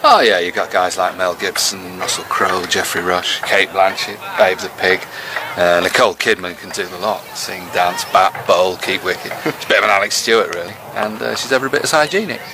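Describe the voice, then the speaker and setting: An actor playing a brash, moaning cricketer abroad, full of cheeky banter. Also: male voice, low-pitched, a little fast. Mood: grumbling. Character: brash grumbling English cricketer abroad, male adult. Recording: street noise behind.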